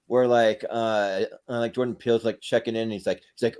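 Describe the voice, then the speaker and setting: A man's voice: fairly low pitch, fairly even intonation, brisk, hardly any pauses, darkish tone, clear, resonant tone. A man co-hosting a casual panel chat, rambling and laughing as he retells comedy sketches. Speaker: podcast co-host.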